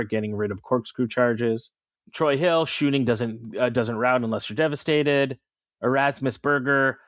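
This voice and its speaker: A man's voice: medium pitch, dry recording. A man co-hosting a podcast, chatting about what he likes in a thoughtful, eager way. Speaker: podcast co-host. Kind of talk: casual chat.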